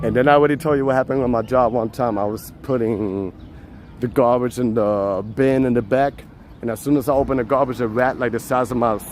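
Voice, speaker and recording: A man live-streaming as he walks a city street outdoors, chatting to viewers in a relaxed way and laughing often, on a handheld phone. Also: medium pitch, slight background noise. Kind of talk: walking live-stream chat.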